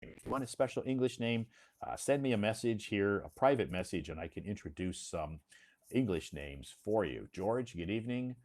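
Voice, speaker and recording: An American man speaks in a very deep voice. He hosts a casual, friendly chat, slowing down and repeating things back so the other person can follow. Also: expressive, a little mellow. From United States. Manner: friendly, slow and encouraging, repeats to clarify. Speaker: host.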